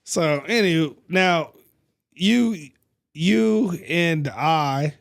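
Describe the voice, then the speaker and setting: A man hosting a casual chat, telling a story in an animated, profane, emphatic way. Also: on the high side, very slow, gravelly. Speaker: podcast host.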